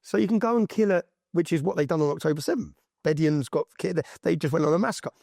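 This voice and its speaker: A man with a lively, swooping delivery and a slightly raised pitch tells his story emphatically, with plenty of slang. The recording is dry and close, with no room sound at all. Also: fast, gravelly, no room sound. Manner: emphatic, slangy, tag questions like "yeah?". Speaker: interview guest. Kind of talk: animated personal storytelling in conversation.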